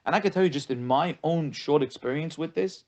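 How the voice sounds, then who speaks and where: A man's voice: fairly high pitch, brisk. A man, a rabbi, teaching a lesson on marriage, telling stories and acting out the people he quotes, often repeating words for emphasis. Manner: animated storytelling, acting out quoted callers. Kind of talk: spoken lesson.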